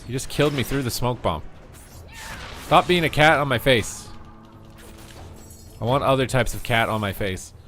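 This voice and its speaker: A man's voice: mid-range voice, normal speed, pauses often, fairly bright tone, faint music behind. A man streaming a video game, chatting casually with viewers while he plays, cracking jokes and swearing now and then. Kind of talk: casual live gameplay commentary.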